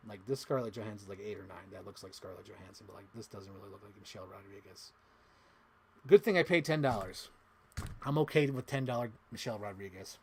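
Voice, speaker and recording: A man's voice: on the low side, quick pace, darkish tone. A man chatting casually in an unboxing vlog, rambling with lots of "like" fillers and dropping into silly voices. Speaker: toy collector vlogger. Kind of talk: casual unboxing chat to a live chat.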